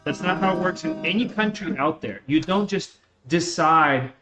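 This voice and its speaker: A man's voice: fairly high pitch, moderate pace, soft background music. A man in his twenties from Russia, chatting casually and rambling as a streamer, with lots of "like" and "dude". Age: 20s. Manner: relaxed, rambling, heavy use of "like" and "dude". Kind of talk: casual chat while gaming.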